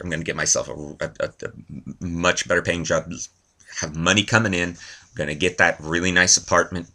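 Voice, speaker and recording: A man's voice: low-pitched, pushed and bright. A man vlogging a rambling comedy monologue, tossing out one-liners and self-mocking asides.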